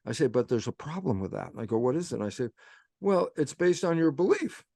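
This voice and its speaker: Very animated and fast, this man talks at a medium pitch with vocal fry and a dark tone, in a dry, clean studio recording. A guest speaker, he turns his explanation into a story, repeatedly quoting himself with "I say" and "I go" and pushing ideas with rhetorical questions.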